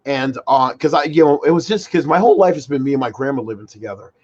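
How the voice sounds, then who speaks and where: A podcast co-host in his twenties talks fast in a mid-range voice with a breathy edge, and the audio sounds dull. He's an excitable storyteller rambling through casual chat, packed with fillers like "like" and "freaking."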